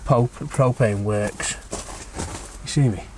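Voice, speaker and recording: A man's voice: medium pitch, takes it slowly, slight background noise. A man vlogging from a camper van, chatting casually and joking about himself in a dry way. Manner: dry, self-mocking jokes. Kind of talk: casual chat.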